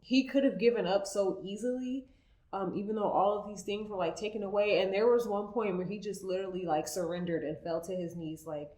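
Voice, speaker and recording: A woman's voice: mid-range voice, steady tone, fairly quick, warm tone. Female podcast guest co-host, heartfelt rambling storyteller, recorded in a roomy space. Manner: emotional storytelling, many "like" fillers. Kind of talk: casual podcast chat. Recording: echoey room.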